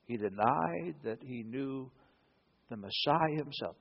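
A man's voice: mid-range voice, animated, slow, gravelly, breathy edge, muffled recording. A man preaching a sermon as a pastor, telling the story dramatically and acting out the quotes.

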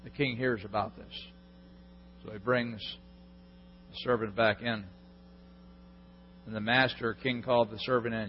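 Conversational pastor, husky and slightly high; long hall reverb, lo-fi. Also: male voice, fairly even intonation, measured pace, pauses often, a little hiss or hum. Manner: conversational, questions the congregation directly. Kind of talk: sermon. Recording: echoey hall, dull lo-fi sound.

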